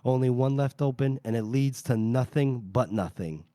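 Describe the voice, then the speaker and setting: A man voicing a weary, regretful aging gunman as he retells a book scene in a low, slow, rueful way. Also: dark tone, no room sound, clean studio sound, natural voice.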